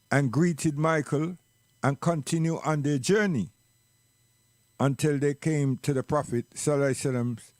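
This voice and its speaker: A man telling a personal story slowly and reflectively, repeating words for emphasis. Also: fairly high pitch, no echo, clean studio sound.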